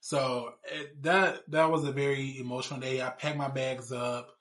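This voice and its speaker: A man's voice: mid-range voice, steady tone, moderate pace, fairly bright tone. A man in his thirties telling a personal story in a casual, blunt, rambling way with plenty of swearing. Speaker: show cast member.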